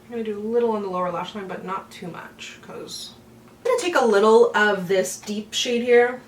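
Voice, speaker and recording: A woman's voice: mid-range voice, normal speed, distant mic. A woman chatting in a giggly, rambling way as she does her makeup at home. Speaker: beauty vlogger. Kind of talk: get-ready-with-me makeup chat. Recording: roomy echo, from off the mic, faint room hum.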